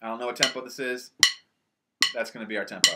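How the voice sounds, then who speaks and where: A man's voice: medium pitch, steady tone, quick pace, very noisy. A man teaching a band lesson from home, explaining the music in an upbeat way and counting aloud to the players. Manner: upbeat, counting aloud and calling out over drums. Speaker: school band director.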